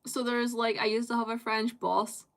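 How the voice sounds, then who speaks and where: A woman's voice: a little high, flat delivery, normal speed, a bit bright. A woman chatting casually on a live stream, rambling with lots of fillers and casual swearing.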